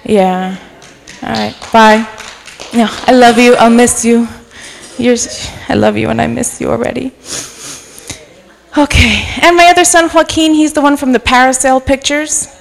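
A middle-aged woman preaching informally in a church, chatty and self-deprecating, then softening into earnest encouragement. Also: a little high, unhurried, creaky. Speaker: guest preacher. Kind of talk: informal sermon. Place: church sanctuary. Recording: long reverb of a church hall.

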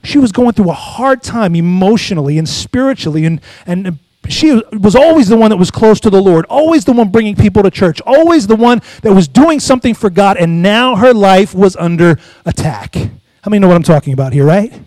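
High-voiced preacher man, dry close sound. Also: lively intonation, a little fast, a little mellow, no echo. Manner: call-and-response preaching, asks congregation for amens. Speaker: pastor. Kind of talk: sermon with personal stories.

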